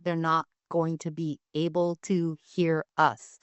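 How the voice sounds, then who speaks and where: A woman's voice: lowish voice, slow, no echo, muffled recording. A woman giving a crisis de-escalation training talk in a conversational way, often checking in with "right?".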